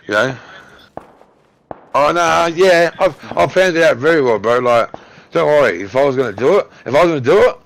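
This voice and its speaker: A man in his thirties with an Australian accent, loudly telling a story on voice chat while gaming, swearing heavily. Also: fairly high pitch, brisk, gravelly, dry recording. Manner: loud, excitable, heavy swearing. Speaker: gamer on voice chat. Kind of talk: casual chat telling a story mid-game.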